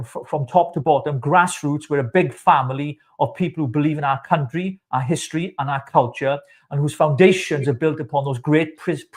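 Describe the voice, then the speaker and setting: A man with a Welsh accent, a party leader and podcast co-host, talking in an upbeat, speech-like way. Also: mid-range voice. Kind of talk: political talk show chat.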